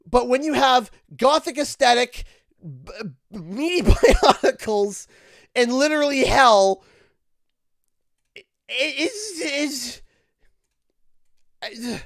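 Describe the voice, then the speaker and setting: Ranting Canadian streamer man, unhurried. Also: very high voice, sing-song, gravelly, no room sound, clean studio sound. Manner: ranting, sarcastic, with bursts of shouting and laughter. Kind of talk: gaming livestream commentary.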